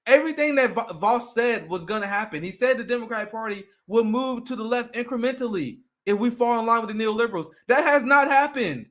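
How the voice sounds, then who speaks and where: A man hosting a political panel show, talking in an animated, excited way, laughing often and repeating himself. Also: very high voice, a little fast. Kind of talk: heated casual political discussion.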